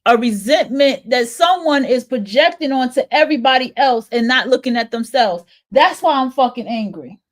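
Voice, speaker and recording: A woman's voice: high voice, animated, moderate pace, hardly any pauses. Blunt, profane woman venting. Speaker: podcast host. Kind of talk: casual monologue.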